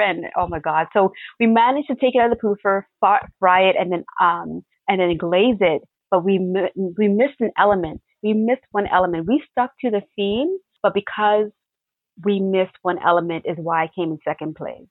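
A young adult woman pastry chef answering interview questions in an animated, chatty way, laughing often. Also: mid-range voice, normal speed, dry recording. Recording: tinny phone-like line.

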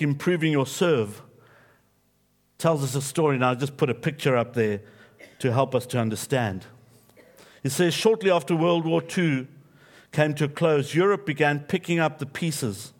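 A man preaching in church, telling a story and leading a prayer in a steady, reverent voice. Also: fairly high pitch. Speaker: pastor. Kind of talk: sermon with storytelling and closing prayer.

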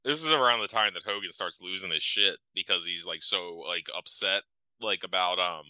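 A man's voice: deep voice, moderate pace, pushed and bright, clear, resonant tone, dry recording, low-quality recording. A man co-hosting a casual podcast chat, talking in a profane, filler-heavy way and laughing often. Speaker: podcast co-host.

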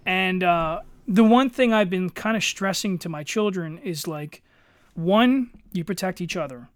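High-voiced swearing podcast guy. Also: a little slow, no room sound, studio quality. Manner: blunt, swears freely. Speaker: podcast co-host. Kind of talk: casual chat.

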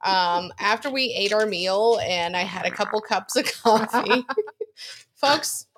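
A woman's voice: mid-range voice, slow, fairly bright tone, slight background noise. A woman co-hosting a casual chat podcast, telling stories with lots of swearing and laughter. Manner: profane, laughs often, tells stories. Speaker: podcast co-host.

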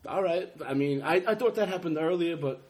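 A man hosting a casual podcast, trading crude jokes and quick asides. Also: a little high, a little mellow. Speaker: podcast host. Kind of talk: casual chat.

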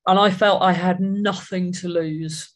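With a medium-pitched voice and fairly even intonation, an adult recounts their own recovery at a support meeting. The delivery is sincere and thoughtful, broken by halting restarts.

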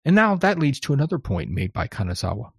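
Male podcast host, wry conversational monologue, husky, dry close sound. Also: mid-range voice, sing-song, fast talker, dry recording. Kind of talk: scripted monologue.

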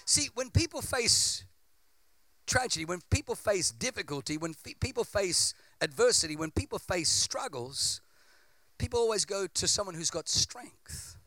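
A man's voice: high voice, expressive, moderate pace, sharp tone, no echo. A man preaching a sermon with impassioned, repetitive build-ups.

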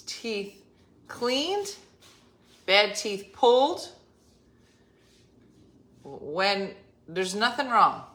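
Woman livestream host, casual chat, blunt and animated, bright, unhurried. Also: mid-range voice. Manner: chatty, blunt, animated storytelling. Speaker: livestream host chatting with viewers. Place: parked car in a parking lot.

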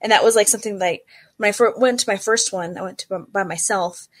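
A young woman chatting casually in a group, telling animated stories and acting out what people said. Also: quick pace. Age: young adult. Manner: animated storyteller, acts out quotes with rising pitch. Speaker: watch enthusiast guest.

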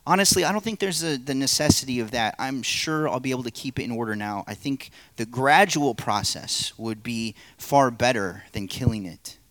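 A man's voice: mid-range voice, lively intonation, normal speed, hardly any pauses, a bit bright, no echo, natural voice. A male pastor acting a nervous, evasive man who stammers and makes excuses. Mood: nervous pleading. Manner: pleading, stammering, making excuses.

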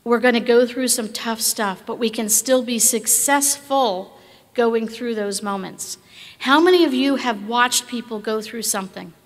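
A woman preaching a sermon with emphatic rhetorical questions, at times dropping to a hush. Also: on the high side, lively intonation, normal speed, in a large hall.

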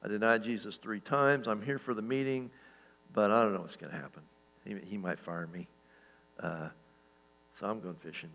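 A man's voice: on the low side, moderate pace, pauses often, a bit bright, in a large hall, poor audio. A man putting on the voice of an impulsive, self-doubting fisherman, muttering to himself in a chatty way. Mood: worried.

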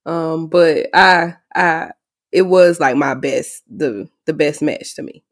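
A woman co-hosting a casual chat, telling stories in an animated, giggly way. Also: sits low, slow. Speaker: podcast co-host.

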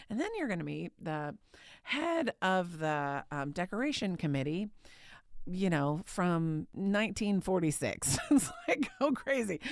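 A woman hosting a faith podcast, telling a personal story in a casual, animated way with frequent laughter and filler words. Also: lowish voice, dry recording, studio quality. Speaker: podcast host.

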